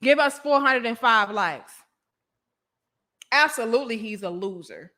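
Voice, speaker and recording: A woman's voice: on the high side, animated, unhurried, bright, forceful tone. Blunt, preachy woman streamer. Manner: preachy and emphatic, addresses viewers directly as sis and brothers. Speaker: host of a live online talk show. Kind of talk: blunt live-stream commentary.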